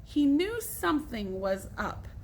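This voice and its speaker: A woman's voice: sits high, sing-song, slow pace. A woman teacher reading a novel aloud to her students, with asides to the class. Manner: warm storytelling with asides to the class.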